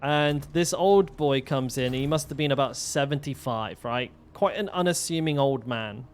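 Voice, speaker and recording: A man's voice: mid-range voice, normal speed, slight background noise. A young man streaming a game, telling stories in a rambling way, swearing freely with lots of fillers and restarts. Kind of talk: casual storytelling while gaming.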